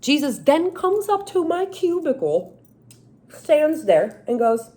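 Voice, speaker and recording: A woman venting in a casual, animated monologue, exasperated and self-mocking. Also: high-pitched, takes it slowly. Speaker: vlogger.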